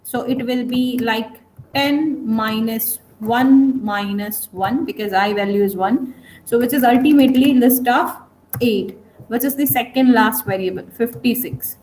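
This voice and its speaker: This woman's voice is a little high and a little mellow, and she speaks at a measured pace. She's teaching an online programming class and often pauses to check that her students are following. The room is echoey, with faint noise.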